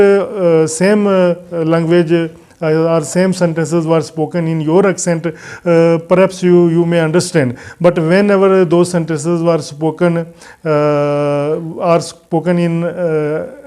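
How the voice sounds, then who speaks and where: A man teaching a spoken English lesson in a non-native English accent, pausing often with "uh" and giving earnest advice. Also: a little high, steady tone, mellow, smooth. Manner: hesitant, frequent "uh" fillers, earnest advice.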